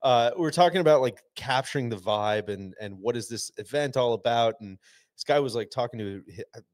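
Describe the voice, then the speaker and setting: A man co-hosting a podcast in casual chat, enthusiastic and quick to laugh. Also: mid-range voice, no echo. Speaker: podcast co-host.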